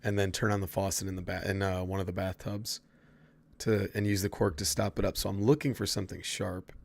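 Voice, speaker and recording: A streamer plays a horror game while casually chatting with viewers, swearing freely and responding to chat. His voice is low, creaky and level in tone, and he talks fairly quickly.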